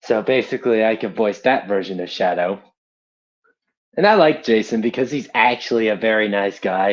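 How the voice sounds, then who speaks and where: A young man on a casual live stream, an amateur voice actor who talks in a rambling, self-deprecating way. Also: on the low side. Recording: dull lo-fi streaming audio.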